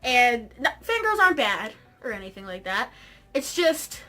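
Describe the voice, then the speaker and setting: A young woman telling a comic personal story in a vlog, dramatic and excitable, often raising her voice for effect. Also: on the high side, normal speed, faint music behind. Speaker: vlogger.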